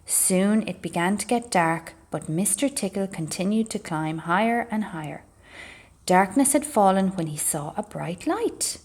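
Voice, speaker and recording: A woman reading a children's storybook aloud as a library storyteller, expressive and measured. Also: medium pitch, breathy edge.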